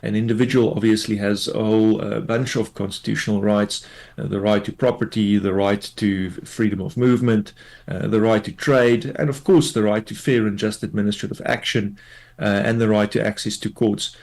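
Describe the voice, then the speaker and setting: A man, a tax law expert, explains a court ruling in a measured way, with many fillers, in a radio news interview. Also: fairly low pitch, steady tone, creaky, darkish tone.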